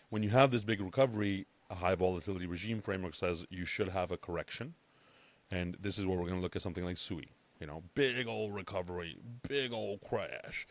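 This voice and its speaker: A man hosting a casual chart analysis talk in a brash, joking, conversational way. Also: low voice. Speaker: crypto channel host.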